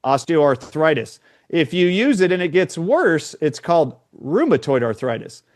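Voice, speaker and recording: Emphatic lecturing man, higher voice. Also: big pitch swings, normal speed, dry recording, studio quality. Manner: emphatic, lecturing, quizzes the hosts. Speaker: guest doctor. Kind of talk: podcast conversation.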